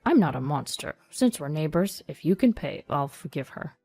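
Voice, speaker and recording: A woman's voice: deep voice, big pitch swings, moderate pace, creaky, mellow, husky, no echo, faint music behind, pitched below the performer's own voice, full character voice. A woman voicing a greedy, threatening old male steakhouse owner, talking in a blustering, menacing way.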